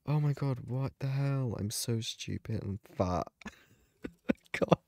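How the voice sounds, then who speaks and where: A man's voice: medium pitch, takes it slowly, gravelly, darkish tone, no echo, studio quality. A man giving live gaming commentary, dramatic and panicky, often exclaiming and laughing. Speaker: gaming video creator.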